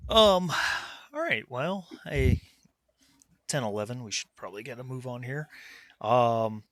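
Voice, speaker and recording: A man's voice: mid-range voice, expressive, a little slow, a bit bright. A man acting as game master, chatting casually over voice chat before the session starts.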